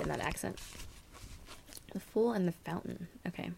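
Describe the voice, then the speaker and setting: A woman's voice: lowish voice, normal speed, creaky, pauses often, very noisy. A young woman giving a casual astrology and tarot reading, rambling and filling her talk with "like" and "um". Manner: rambling, many fillers and "like". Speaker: tarot reader.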